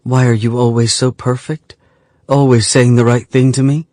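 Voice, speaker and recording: A man's voice: medium pitch, flat delivery, moderate pace, warm tone, dry recording, pitched above the performer's own voice, natural voice. A man voicing a tearful young woman in love. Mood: emotional. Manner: pleading, emotional delivery.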